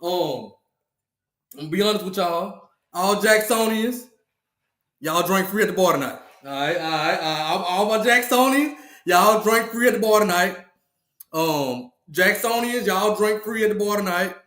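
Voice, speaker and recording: A man's voice: high-pitched, normal speed, a bit bright, echoey room. A man hosting a casual comedic podcast monologue, playfully trash-talking, laughing often and repeating his lines. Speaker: podcast host.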